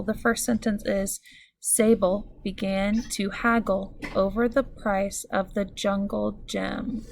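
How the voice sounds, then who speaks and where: Slow, clear woman teaching phonics. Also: medium pitch, a little mellow, a little hiss or hum. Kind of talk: recorded phonics lesson.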